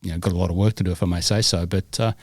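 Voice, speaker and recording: A man's voice: deep voice, fairly even intonation, racing, a little mellow, no echo. An older man with a Scottish accent, co-hosting a casual podcast chat in a rambling, self-deprecating way with lots of fillers. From Scotland. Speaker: podcast co-host.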